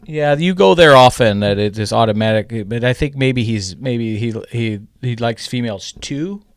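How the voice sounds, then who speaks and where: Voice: medium pitch, moderate pace, no echo, studio quality. A podcast co-host in casual banter, talking hesitantly with frequent restarts. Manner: hesitant, restarts sentences, chuckles.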